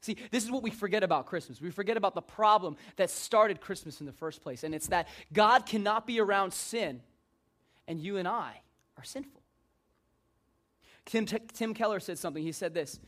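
A man's voice: high voice, normal speed, fairly bright tone. A man preaching an informal sermon in a joking, conversational way.

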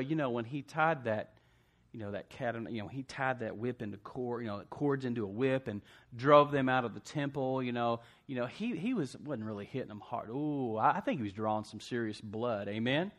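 A man's voice: mid-range voice, expressive, moderate pace. Preaching man calling out "amen?". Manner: call-and-response preaching, asks congregation "amen?"; swings from hushed to loud for emphasis. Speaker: pastor. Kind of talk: sermon.

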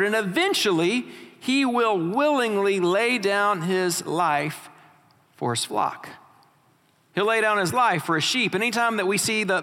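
A man's voice: high voice, pushed and bright. A man preaching a sermon as pastor, reading scripture and asking rhetorical questions of his congregation in a church. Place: church sanctuary. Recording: long hall reverb.

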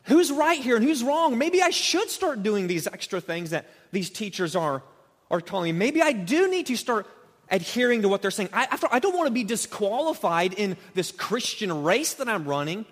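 A high-voiced male preacher delivering an animated Bible sermon, often sinking low and soft for emphasis. The sound carries a long reverb, as in a large hall. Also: moderate pace. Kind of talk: expository sermon.

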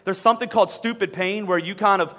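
A man's voice: sits high, fairly even intonation, fast talker, fairly bright tone. A man preaching a sermon to a church audience, talking conversationally with frequent repeated words and humorous asides. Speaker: pastor. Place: large church auditorium. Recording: long hall reverb.

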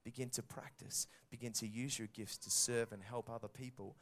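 A man in his thirties with an Australian accent, preaching a sermon and telling stories with lively acted-out quotes. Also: medium pitch, normal speed. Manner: animated storytelling with acted-out quotes. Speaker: pastor.

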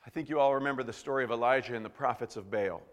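A man preaching a sermon in an animated way, swinging from hushed to loud. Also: medium pitch, rapid-fire, long reverb tail. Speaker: pastor.

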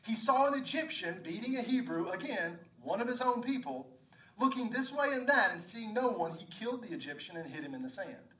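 A pastor preaches a sermon in a high-pitched, fairly quick voice, animatedly acting out scripture dialogue and repeating words often. He was recorded from a distance in an echoey room.

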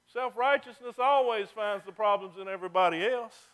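High-voiced preacher with a drawl. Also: male voice, moderate pace, few pauses, clear, resonant tone. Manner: preaching, loud when reading scripture, drops low and mocking when preaching. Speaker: pastor. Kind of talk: sermon.

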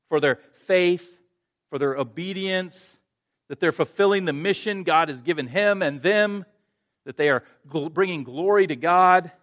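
A man's voice: fairly high pitch, sharp tone, dull audio. A male pastor preaching a sermon, earnest, restarting phrases and rising to emphatic points.

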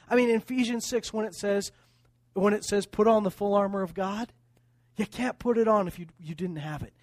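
A man preaching a sermon as pastor, with emphatic repeated phrases, swinging from quiet to loud. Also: high-pitched, brisk, no room sound, studio quality.

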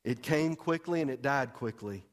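A man voicing God as patient and loving, speaking slowly, softly and tenderly. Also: mid-range voice, natural voice. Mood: gentle.

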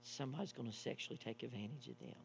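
A man preaching a sermon, moving between hushed storytelling and loud, impassioned preaching. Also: mid-range voice, very fast, gravelly. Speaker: pastor. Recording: long hall reverb with mains hum.

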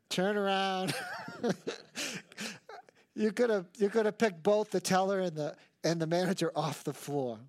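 An older man, a pastor, preaches a sermon with animated storytelling, self-mocking humor and acted quotes. His voice sits high, a little fast, with few pauses.

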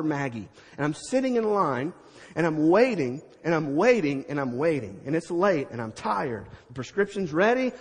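A middle-aged man preaching, telling a story to a crowd with animated sound effects and a husky voice. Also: sits high, in a large hall. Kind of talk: storytelling sermon.

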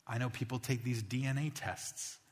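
A man preaching a sermon as a pastor, in a lively, conversational way that acts out little scenes. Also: medium pitch, moderate pace. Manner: animated, conversational preaching with acted-out voices. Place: church. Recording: long reverb of a church hall.

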